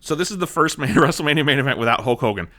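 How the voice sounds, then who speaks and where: A man's voice: mid-range voice, animated, very fast, pushed and bright. A man co-hosting a podcast in casual chat, swearing freely and ranting with many restarts. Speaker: podcast co-host.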